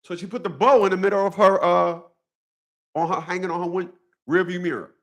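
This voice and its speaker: Preachy profane man with a higher voice. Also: steady tone, fairly quick. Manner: profane, repetitive, preachy storytelling. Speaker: vlogger. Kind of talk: casual monologue to camera.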